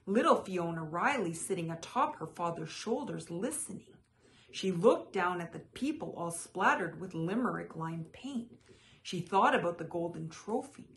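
A woman storyteller reading a children's picture book aloud with expressive, slow dramatic phrasing. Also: fairly low pitch, a little hiss or hum.

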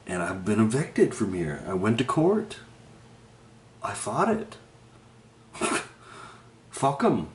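Deep-voiced man rambling profanely. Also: huge pitch swings, takes it slowly, pauses often. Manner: profane, rambling, laughs often. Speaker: vlogger. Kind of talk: rambling personal monologue.

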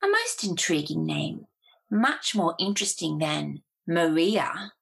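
A woman's voice: on the low side, sing-song, takes it slowly, gravelly, a bit bright, husky, exaggerated voice, poor audio. A woman voicing an ancient, toothless female witch who mocks and probes with sly questions. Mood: probing.

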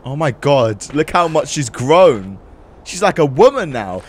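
Excitable young man gaming. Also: a little high, a little slow, husky. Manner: excitable, swears, mock accents. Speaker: gaming YouTuber. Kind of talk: let's play commentary.

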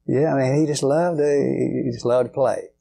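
In a steady, mid-range voice at normal speed, creaky and mellow, an older man tells his stories. He is the guitarist guest in a storytelling interview, and his folksy tales wander, with many fillers.

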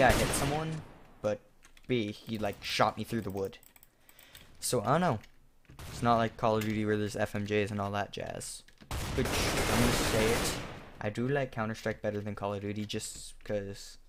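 A man giving casual commentary over his own shooter match, chatty and self-deprecating, with sudden excited outbursts. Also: fairly low pitch, moderate pace, pauses often. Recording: noisy home recording with background hiss. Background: keyboard clicks and in-game gunfire.

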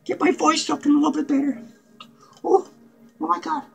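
A man's voice: very high-pitched, fairly even intonation, a little fast, gravelly, soft background music, heavily acted, rough recording. A man playing a manic, unhinged male clown who rambles giddily and crudely in a comedic character vlog, cackling and swearing. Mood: giddy. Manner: cackling, profane, giddy rambling.

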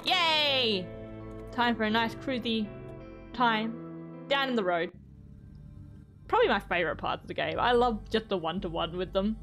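A woman's voice: mid-range voice, moderate pace, pauses often, faint music behind. A young woman giving playful let's play commentary, chatting to the game's characters as she goes. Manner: playful, talks to game characters. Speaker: gaming YouTuber.

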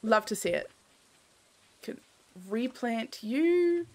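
High, unhurried woman streamer. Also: lively intonation. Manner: theatrically exasperated, grumbling to herself. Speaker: game streamer. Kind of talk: casual live-stream commentary.

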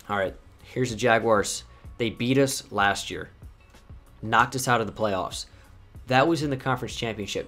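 A young man with a lowish voice talks casually into a desk microphone while he plays, chatty and reactive. Faint game music runs underneath his voice. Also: a bit bright. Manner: chatty, reacts with quick swearing. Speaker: gaming YouTuber. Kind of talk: casual gameplay commentary.

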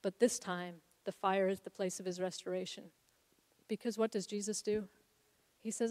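A woman's voice: mid-range voice, fairly even intonation, normal speed, darkish tone. A woman preaching a sermon as co-founder of a ministry, telling a Bible story in an earnest, reflective way. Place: church sanctuary. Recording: long hall reverb.

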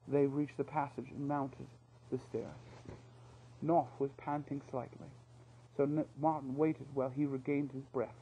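A man narrating a novel aloud, reading in a steady, expressive storyteller manner. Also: medium pitch, a little slow, muffled recording, a little hiss or hum.

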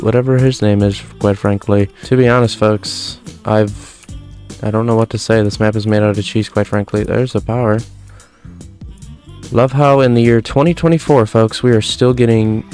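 A man's voice: lowish voice, fairly even intonation, moderate pace, darkish tone, faint music behind. A man in his twenties giving casual, jokey gameplay commentary, tossing in "folks" and "quite frankly" as he rambles. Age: 20s. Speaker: gaming commentator.

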